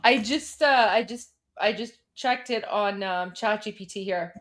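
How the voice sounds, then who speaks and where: A young woman co-hosting a live stream, chatting in an upbeat way with quick asides. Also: medium pitch, a bit bright. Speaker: co-host. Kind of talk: casual livestream chat.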